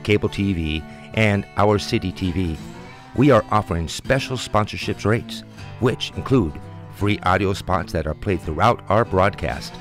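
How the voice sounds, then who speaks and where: Low-voiced male radio announcer. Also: moderate pace, soft background music. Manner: smooth read promotional delivery. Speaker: station announcer. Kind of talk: scripted radio promo.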